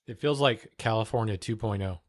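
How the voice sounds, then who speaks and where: Low-voiced profane male streamer. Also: moderate pace, no echo, studio quality. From United States. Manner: profane, offhand, mutters while reacting to videos. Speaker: streamer host. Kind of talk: casual livestream chat.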